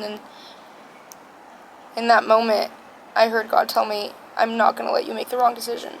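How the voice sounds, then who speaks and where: A young woman telling a personal story alone, speaking softly and haltingly, tearful at times. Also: on the high side, completely flat delivery, creaky, slight background noise, poor audio. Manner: soft, halting, emotional. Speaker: vlogger. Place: alone in a quiet room.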